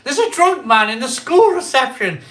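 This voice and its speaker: A man putting on a squeaky, alarmed receptionist lady. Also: big pitch swings, moderate pace, fairly bright tone, exaggerated voice. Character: shocked woman school receptionist.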